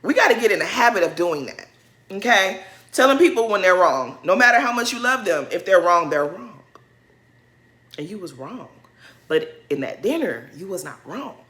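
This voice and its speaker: Animated, bright-voiced woman ranting. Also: mid-range voice, normal speed. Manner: blunt, scolding the cast directly with slangy asides. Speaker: reality TV recap vlogger. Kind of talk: opinionated casual commentary.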